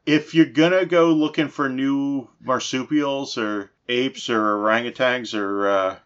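A man's voice: mid-range voice, a little slow, a bit bright. A man co-hosting a podcast, chatting casually about a film and making dry joking asides. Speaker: podcast co-host. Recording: dull lo-fi sound.

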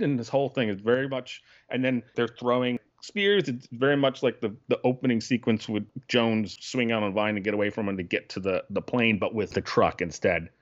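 A man co-hosting a podcast, chatting casually about a film, rambling and breaking off his sentences, often laughing. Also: medium pitch. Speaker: podcast co-host. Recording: dull lo-fi sound.

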